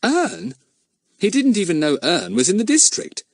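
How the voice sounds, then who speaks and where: Man narrating a storybook, very expressive. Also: high voice, normal speed, vocal fry, no room sound, clean studio sound. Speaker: audiobook narrator. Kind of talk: scripted narration.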